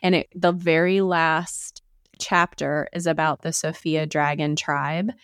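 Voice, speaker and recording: A woman's voice: low-pitched, little pitch movement, a little slow, clean tone, no echo, clean studio sound. A woman guest on a podcast, talking casually and enthusiastically, rambling with many fillers. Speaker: podcast guest, fellow podcast host. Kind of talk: casual conversational interview.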